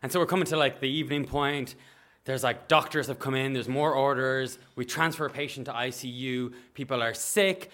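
A man, a nurse, telling a story to an audience, animated and acting out the people in it. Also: medium pitch, brisk. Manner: animated, acts out voices, bursts of shouting and laughter. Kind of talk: live storytelling.

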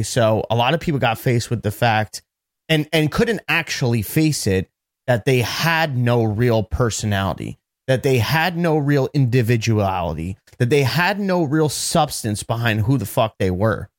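A man's voice: medium pitch, expressive, normal speed, dry recording, clean studio sound. A man co-hosting a podcast in casual chat, ranting bluntly with plenty of swearing. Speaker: podcast co-host.

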